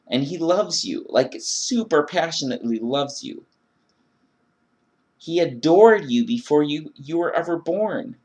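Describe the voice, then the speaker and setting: A man's voice: on the high side, lively intonation, moderate pace, darkish tone. Earnest man ranting about faith. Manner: earnest, emphatic, with quoted inner prayers. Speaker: video blogger. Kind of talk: religious rant monologue.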